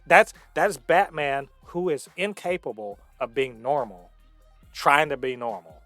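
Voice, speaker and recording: A man's voice: mid-range voice, animated, a little slow, sharp tone, no room sound, faint music behind. A man co-hosting a casual movie review podcast, explaining emphatically with frequent restarts. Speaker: podcast co-host.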